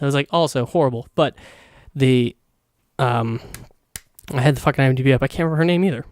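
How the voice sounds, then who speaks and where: A man's voice: mid-range voice, steady tone, fast, dry recording, clean studio sound. A man hosting his own podcast, giving a casual, rambling, profane movie review full of fillers. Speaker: podcast host.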